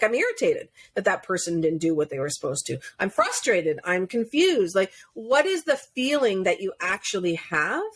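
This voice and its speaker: A woman coach, a podcast guest, talking in casual interview chat, earnest and explanatory, laughing now and then. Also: medium pitch.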